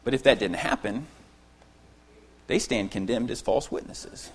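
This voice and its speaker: A man delivering an expository sermon with an ordinary mid-range voice. He is earnest and emphatic, pressing hard on key phrases, repeating them, and then dropping to quieter asides. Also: medium pitch, measured pace, slightly rough. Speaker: preacher.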